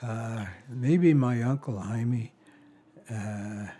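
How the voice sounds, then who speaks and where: A man's voice: mid-range voice, drawn-out words, dark tone, breathy edge. An older man tells family stories in a rambling way, chuckling often and stopping to restart. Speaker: family member sharing memories. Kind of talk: casual storytelling.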